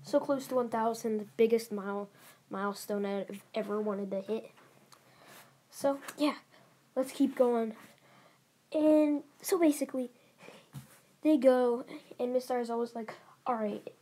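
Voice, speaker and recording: A woman's voice: a little high, steady tone, a little slow, pauses often, warm tone. A young woman narrating a fan story in a casual, rambling way, giggling and restarting often. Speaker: channel host.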